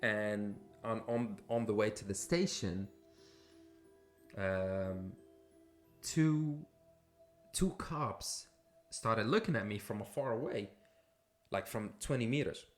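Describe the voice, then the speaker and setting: This podcast host from Syria takes his time, leaving long pauses as he casually shares a personal story, restarting often and using many fillers. His voice is fairly low, and soft background music plays.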